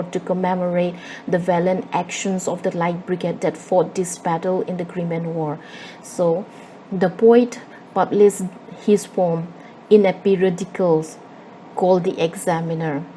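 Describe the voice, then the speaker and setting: A woman's voice: fairly low pitch, dark tone, rough recording. A woman with a Manipuri English accent explaining a poem in a classroom-style lesson, patient and repetitive, with many fillers. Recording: faint background noise.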